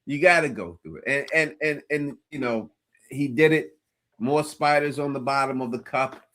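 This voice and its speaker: A man's voice: medium pitch, moderate pace, a bit bright. A man in a casual recap chat, earnestly spinning theories and repeating words as he thinks.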